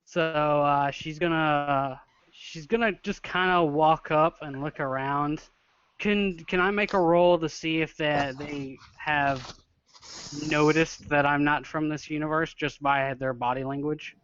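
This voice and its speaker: A man playing a tabletop game, describing his character in a halting, casual way with many restarts, on a dull lo-fi recording. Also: fairly high pitch, steady tone, a bit bright, clear, resonant tone. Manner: halting, searching for words. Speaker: player.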